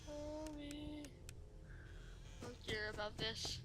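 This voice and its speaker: A woman's voice: on the high side, unhurried. A woman doing let's play commentary, jumpy and rambling, who keeps apologizing to viewers. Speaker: gamer.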